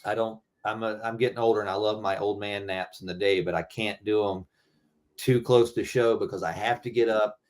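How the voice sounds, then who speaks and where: A man's voice: on the low side, steady tone, a little fast. A middle-aged man talking loosely and rambling, swearing freely, as a guest musician in a casual interview.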